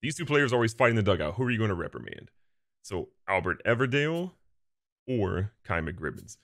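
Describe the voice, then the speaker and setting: A man giving casual, excitable gameplay commentary, joking at himself and talking to his players. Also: on the low side, a little fast, no room sound. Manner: excitable, self-mocking, talks to the players. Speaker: gaming video host.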